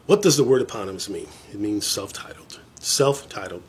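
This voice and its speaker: Low-voiced rambling male vlogger. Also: expressive, moderate pace, husky. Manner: rambling, enthusiastic, self-deprecating. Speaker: vlogger showing his record collection. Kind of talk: casual chat to camera.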